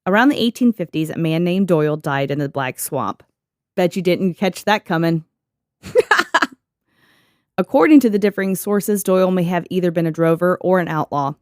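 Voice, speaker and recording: A woman's voice: fairly low pitch, animated, normal speed, darkish tone, no echo, clean studio sound. A young woman co-hosting a podcast in a casual, joking way, reading from notes and laughing often. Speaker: podcast co-host.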